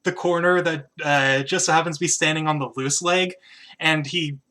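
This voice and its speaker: Man game master, bright voice, casual halting narration. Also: a little high, steady tone.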